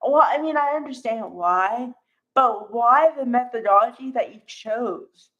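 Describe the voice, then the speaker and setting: Slow, chatty woman with a higher voice. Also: fairly bright tone. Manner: chatty, drawn-out, many fillers and asides. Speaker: soap opera recap host. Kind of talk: casual commentary to viewers. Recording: dull lo-fi recording.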